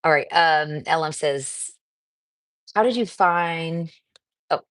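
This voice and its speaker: Low-voiced American woman chatting on a livestream. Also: takes it slowly. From United States. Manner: chatty, warm and encouraging, with frequent fillers. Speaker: cancer coach hosting a livestream. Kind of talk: casual livestream chat reading comments.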